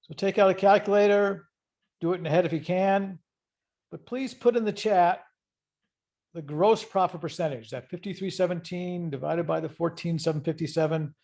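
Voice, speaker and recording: A man's voice: sits high, normal speed, creaky, darkish tone. Conversational man teaching accounting online. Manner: explanatory, conversational, asks students questions. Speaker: accounting instructor. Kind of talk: online lecture.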